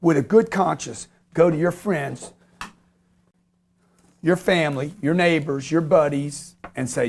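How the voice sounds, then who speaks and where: Brief: high-pitched male radio host, pushy and animated, selling hard. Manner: fast, animated sales pitch, acts out conversations. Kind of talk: call-in radio talk.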